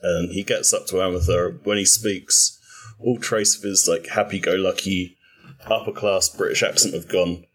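Man, low voice, casual, game narration. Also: steady tone, moderate pace, breathy edge. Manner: casual, uses "like". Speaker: player.

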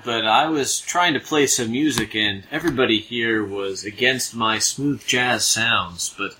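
A man's voice: medium pitch, measured pace, hardly any pauses, bright, forceful tone, slight background noise, low-quality recording. A man playing a tabletop game, speaking with mock politeness and formal wording in character. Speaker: player. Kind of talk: casual tabletop game play.

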